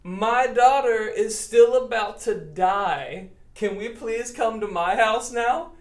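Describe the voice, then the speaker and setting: A man voicing a worried father who pleads loudly and frantically, recorded in a roomy space. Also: high-pitched, slow pace. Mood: panicky. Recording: roomy echo.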